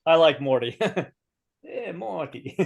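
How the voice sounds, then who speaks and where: Lively, laughing player. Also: male voice, a little high, slow, creaky, husky. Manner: laughs often, playful. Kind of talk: casual chat in an online game.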